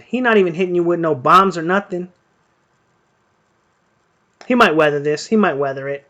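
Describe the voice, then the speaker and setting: Young guy, kinda high voice, rambling and swearing a lot, casual boxing stream chat. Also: animated, moderate pace, pauses often, bright, forceful tone. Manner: rambling, profane, lots of fillers. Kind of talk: casual storytelling during live fight commentary.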